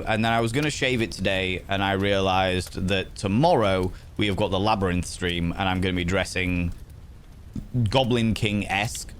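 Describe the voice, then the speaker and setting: His voice sits on the low side, with slight background noise behind it. He's a young livestream host chatting casually, greeting viewers by name as he reads out their comments.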